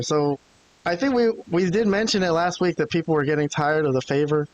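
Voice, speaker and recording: A podcast co-host with a fairly high voice recaps the week's wrestling in a casual chat, speaking fairly quickly. He's an animated storyteller who acts out what people said, and the audio is echo-free but has its highs cut off.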